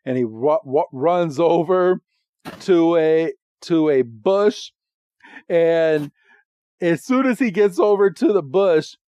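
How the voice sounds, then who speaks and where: A man co-hosting a podcast, casually recapping a cartoon episode with lively retelling. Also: takes it slowly, clear, resonant tone, no echo, dull audio. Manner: animated recap, doing squeaky character voices. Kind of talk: casual chat.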